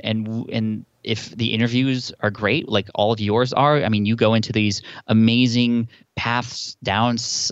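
On a dull recording with no room sound, a podcast guest answers interview questions conversationally in a voice on the low side. He chats freely, spinning lively stories and frequently restarting or using fillers.

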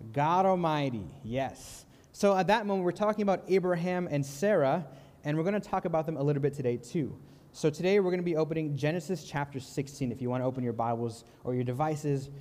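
Young male preacher, slightly high, mellow tone, calm and earnest, softens on key lines, reverberant sanctuary. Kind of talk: sermon with storytelling. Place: church sanctuary.

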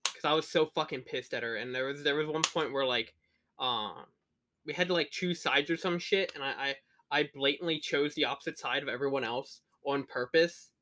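A man co-hosting a podcast, telling stories about tabletop games in an animated, profane way. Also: mid-range voice, normal speed, slight background noise. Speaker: podcast co-host. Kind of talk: casual chat.

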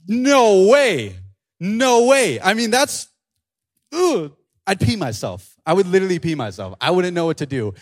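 A young man preaching to a youth group in a loose, animated way, slangy and excitable. His voice sits a little high for a man, and he keeps the talk casual and lively while he reads and retells a scripture passage. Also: measured pace. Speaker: youth pastor.

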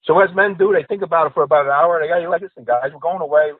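A stand-up comedian acts out the characters in his jokes in a husky, slightly high voice. He talks in a casual podcast chat over a dry, tinny line that sounds like a phone call. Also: racing, dry recording. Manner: animated storyteller acting out joke characters. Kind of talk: casual podcast joke-telling.

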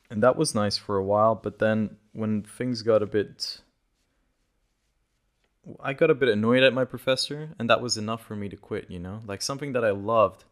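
A man hosting a casual solo podcast, a native Portuguese speaker who is a bit sick with a dry throat, rambling and correcting himself as he goes. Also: lowish voice. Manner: rambling, self-correcting, loose and conversational. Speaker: podcast host.

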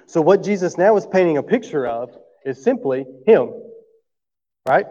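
A man's voice: fairly high pitch, lively intonation, moderate pace, dark tone, big-room sound, lo-fi sound. Male pastor preaching a conversational sermon. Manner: conversational, asks the room for agreement often. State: coughing from allergies.

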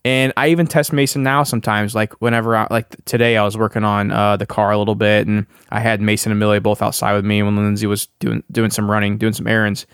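A man's voice: on the low side, level tone, fast talker, hardly any pauses, smooth, dry recording, studio quality. A man in his thirties co-hosting a casual podcast, easygoing and agreeable, laughing often. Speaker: podcast co-host.

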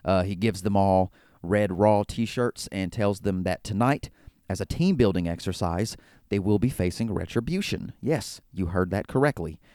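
A man's voice: low-pitched, moderate pace, darkish tone, no room sound, clean studio sound. A man hosting a podcast, recapping events in a casual, joking way with frequent stammered repeats. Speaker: podcast host. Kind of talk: casual wrestling recap commentary.

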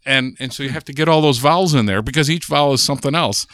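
A man's voice: mid-range voice, fast talker, few pauses, fairly bright tone, no echo. Older american guy explaining language stuff, lots of ums, dry sound. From United States. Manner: thoughtful, chatty, many restarts and fillers. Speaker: linguist guest. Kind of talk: explaining in a podcast interview.

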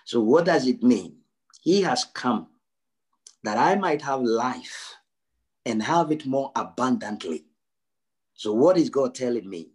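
A male pastor preaching a sermon, emphatic, repeating his phrases and swinging from low and quiet to high and loud. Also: expressive, takes it slowly, long pauses, breathy edge. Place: church service.

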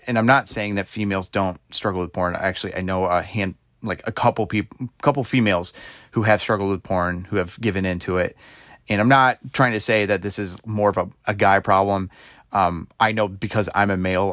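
A man in his twenties telling a story in a casual monologue, rambling and filling gaps with "like", getting animated as he retells it. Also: lowish voice, no room sound, studio quality. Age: 20s. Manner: rambling, heavy use of "like" fillers; animated retelling with rising exclaims. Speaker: podcast host.

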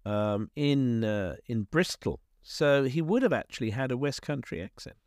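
A man's voice: medium pitch, lively intonation, moderate pace, darkish tone, no room sound. A man co-hosting a comedy podcast, feeding questions and puns in a dry, mock-earnest way. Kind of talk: improvised comic chat.

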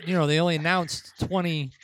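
A man's voice: fairly high pitch, fairly even intonation, a little fast, a bit bright, a little hiss or hum. A man co-hosting a casual wrestling chat, rambling and blunt, often laughing at his own remarks. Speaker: podcast co-host.

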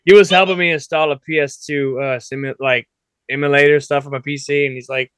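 A man's voice: on the high side, steady tone, fairly quick, a bit bright, smooth, no room sound. A man co-hosting a podcast, joking and laughing in casual banter. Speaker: podcast co-host. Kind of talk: casual chat.

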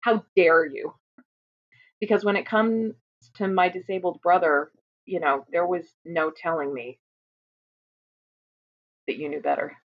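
A woman's voice: fairly low pitch, steady tone, unhurried, long pauses. A woman in her fifties from Utah, earnestly telling her own story as an interview guest, emphatic and often restarting her sentences. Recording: muffled lo-fi audio.

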